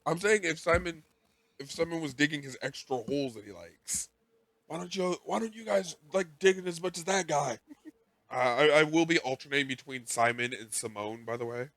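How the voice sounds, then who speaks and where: A man with a bright, forceful voice co-hosts a casual podcast, recapping an episode in a rambling, animated way. The mic is close and dry, with no room sound. He jumps into character quotes now and then. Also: a little high, fairly quick, no room sound. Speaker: podcast co-host.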